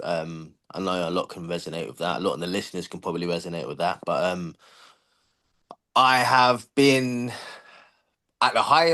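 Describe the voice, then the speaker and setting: A man co-hosting a podcast over a video call, sharing his year earnestly and haltingly, with many ums. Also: on the low side, fairly bright tone. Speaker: podcast co-host. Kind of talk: reflective personal sharing.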